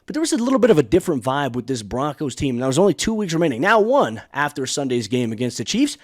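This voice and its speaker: A man hosting a sports podcast, talking in an energetic, emphatic way. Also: a little high, fast talker, no room sound, studio quality. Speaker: podcast host.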